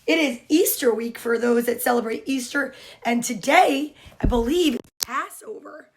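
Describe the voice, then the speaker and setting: This daily kids' livestream host is a woman broadcasting cheerfully from her home during quarantine. Her voice is high-pitched and moderately paced, with slight background noise, as she chats casually and welcomes viewers by name.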